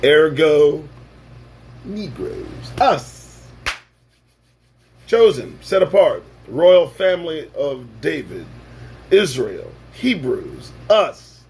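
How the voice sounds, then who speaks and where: A man hosting his own show, delivering a sarcastic, profane, preachy monologue that swings from loud bursts to low asides. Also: big pitch swings, extremely slow, pauses often, slight background noise. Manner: preachy, sarcastic, swears freely. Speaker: talk show host.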